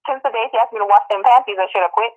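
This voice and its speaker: A woman speaks as a former nanny and guest in a casual interview. She tells her story with lively, animated delivery, jumping up in pitch to act out quotes and laughing now and then. The audio is dull and lo-fi, like a call. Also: rapid-fire.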